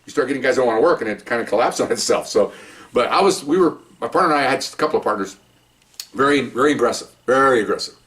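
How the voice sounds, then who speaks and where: A man's voice: mid-range voice, lively intonation, racing, a bit bright, recorded from a distance. An older man, a retired police officer, telling stories casually, chatty and joking, with frequent "okay?" asides. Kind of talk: casual first-person storytelling.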